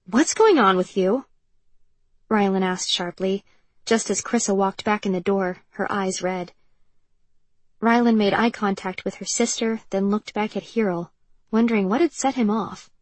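A woman narrating an audiobook novel in an even, measured storytelling manner. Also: medium pitch, no echo. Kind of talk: scripted narration.

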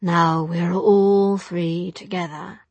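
A woman's voice: fairly low pitch, flat delivery, takes it slowly, no room sound, highs cut off. A woman voicing a feverish young man who speaks in a dreamy, drowsy way. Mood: dazed. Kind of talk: audiobook reading.

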